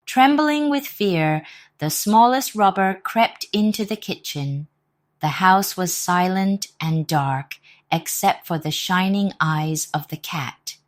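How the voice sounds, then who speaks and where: A British woman reading a storybook aloud, her pace unhurried and deliberate. Her voice sits fairly low for a woman and draws out each phrase. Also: animated, no echo, clean studio sound. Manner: slow and deliberate.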